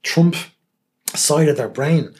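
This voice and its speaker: A man's voice: fairly high pitch, slow, a little mellow. A man telling stories in a casual interview, acting out the people he quotes and swearing freely. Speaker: guest, television presenter. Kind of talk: casual anecdotal interview talk.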